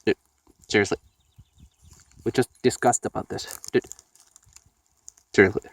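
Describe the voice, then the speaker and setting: A man's voice: lowish voice, steady tone, a little slow, no echo. A man vlogging outdoors by a lake in the rain, sniffly and getting sick, swearing freely as he scolds and coaxes his dog. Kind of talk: casual outdoor vlog talking to his dog. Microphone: phone.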